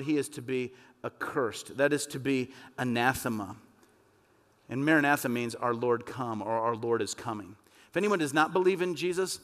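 A man preaching a sermon as pastor, impassioned and emphatic, rising to forceful peaks. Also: mid-range voice. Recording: long reverb of a church hall.

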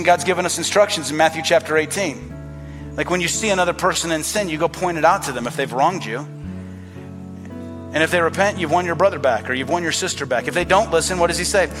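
A man preaching a sermon as pastor, emphatic and repetitive, acting out quoted voices. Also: fairly high pitch.

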